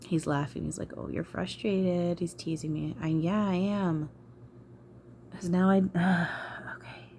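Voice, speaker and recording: A woman's voice: lowish voice, fairly even intonation, unhurried, gravelly, darkish tone, a little hiss or hum. A woman channeler talking to camera in an emotional vlog, frustrated, sighing and swearing. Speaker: spiritual channeler.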